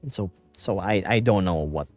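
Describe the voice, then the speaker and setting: A low-pitched, slightly mellow male voice moves at normal speed against faint background music. The speaker, a Filipino man with a light accent, streams casually from home, playfully rambling and voicing the chat out loud.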